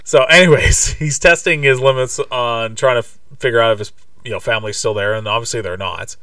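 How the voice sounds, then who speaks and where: A man's voice: mid-range voice, a little fast, bright, forceful tone, dry recording, distant mic. A man co-hosting a casual podcast, chatty and playful as he retells a movie scene by scene. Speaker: podcast co-host. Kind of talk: casual movie recap chat.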